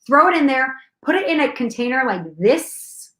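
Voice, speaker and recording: A woman chatting casually on a livestream, bubbly and excitable, talking straight to viewers. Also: high voice, normal speed. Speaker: co-host. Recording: echoey room.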